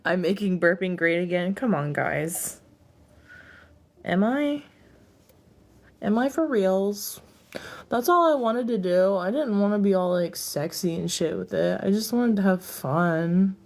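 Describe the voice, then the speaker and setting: A woman's voice: medium pitch, a little slow, long pauses. A woman streaming live, chatting casually and playfully, often breaking into giggles. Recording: echoey room with long reverb.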